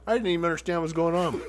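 Profane laughing man telling wild stories. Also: high voice. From Phoenix, Arizona area. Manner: profane, laughs through his own stories. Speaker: storyteller among friends. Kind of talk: casual swapping of stories.

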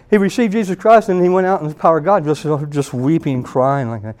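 A man preaching at a church meeting, his voice sitting a little higher than most men's. He tells a story as he preaches and acts out the people in it, jumping up loud for the quoted lines. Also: fast talker. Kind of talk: sermon with storytelling.

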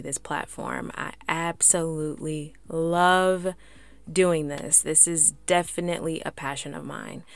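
A woman hosting a faith podcast, chatting excitedly and casually with lots of "like" and "y'all". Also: low voice, clear, resonant tone, no room sound. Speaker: podcast host.

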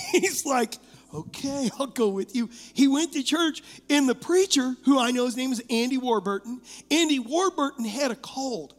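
A man preaching a sermon as the pastor, telling stories with animated energy. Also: very high voice, normal speed. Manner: animated storytelling preacher, laughing through stories. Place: church sanctuary. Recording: long hall reverb.

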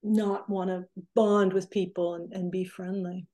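Mellow-voiced woman in her sixties, storytelling. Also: fairly low pitch, measured pace. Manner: animated, acts out quoted remarks. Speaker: interview guest, recording engineer. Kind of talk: conversational storytelling.

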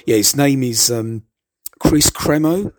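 A man's voice: medium pitch, slow, a little mellow, no echo. A man giving casual, hesitant commentary over an old TV show, stammering and adding chuckling asides.

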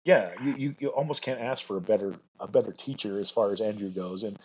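A man's voice: lowish voice, fairly quick, a little mellow, poor audio. A man talking as a bagpiper guest in a casual podcast chat, earnest and rambling with enthusiasm.

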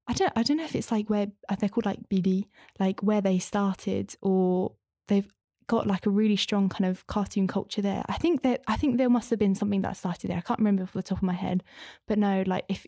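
A woman's voice: mid-range voice, dark tone, no echo, clean studio sound. A young woman in casual conversation, talking in a chatty, rambling way with many fillers. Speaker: interview guest, former language student.

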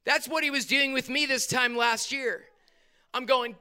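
A male pastor, preaching a sermon in a church hall with animated bursts and quick asides. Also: extremely high pitch, clean tone.

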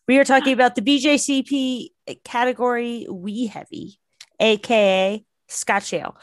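A woman's voice: a little high, dry recording. Joking laid-back woman podcast co-host. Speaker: podcast co-host, head brewer. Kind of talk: casual podcast chat.

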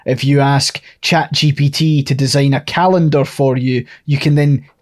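A man co-hosting a casual podcast chat, rambling through his points and swearing and laughing loudly. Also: medium pitch, fairly even intonation, normal speed. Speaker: podcast co-host.

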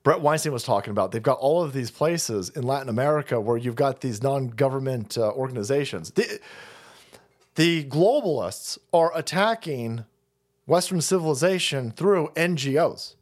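A man's voice: mid-range voice, expressive, normal speed. Profane, sarcastic man ranting. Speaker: streamer host. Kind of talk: ranting political commentary.

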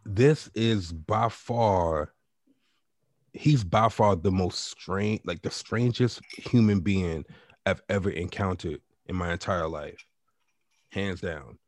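A man co-hosting a casual chat, telling a story in a laid-back, drawn-out way with frequent fillers. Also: low-pitched, no echo, studio quality. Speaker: podcast co-host.

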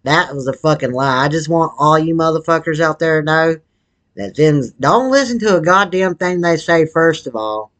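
A man's voice: fairly high pitch, expressive, normal speed, fairly bright tone. A man voicing a crude, foul-mouthed, obese wannabe rapper in a comedy sketch monologue, rambling in a profane, slangy drawl while smoking a cigarette.

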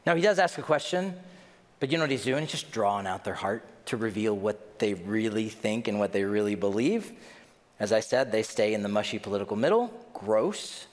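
A male pastor delivering a sermon with a very lively, swinging pitch. He acts out the people he quotes. His voice carries a long reverb, as if he is preaching in a big hall. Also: a little fast.

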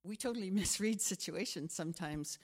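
Animated woman pastor preaching. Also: fairly low pitch, moderate pace. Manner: animated storytelling with acted-out quotes. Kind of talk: conversational sermon.

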